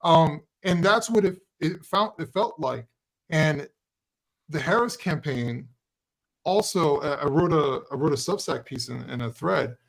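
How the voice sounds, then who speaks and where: A man speaking as a guest on a live panel discussion, animated and sarcastic, mimicking others' voices. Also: fairly high pitch, a little slow, creaky.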